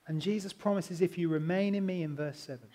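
A middle-aged man preaching a sermon as pastor, earnest and animated, swinging between loud and soft. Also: high-pitched, a little fast.

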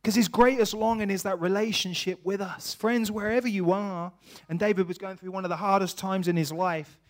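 A man preaching a sermon, tearful and emotional, swinging from hushed to loud. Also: sits high, steady tone, fairly quick.

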